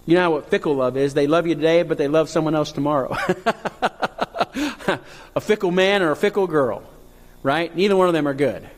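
Impassioned preacher in a reverberant hall. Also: male voice, brisk, long pauses. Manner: preachy, rising to impassioned high cries. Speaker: pastor. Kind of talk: sermon.

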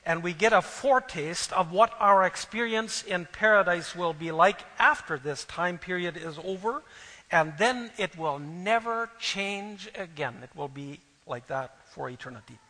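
A man preaching a sermon and reading scripture aloud, earnest and swelling louder on key phrases. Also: high-pitched, animated, unhurried, in a large hall, rough recording.

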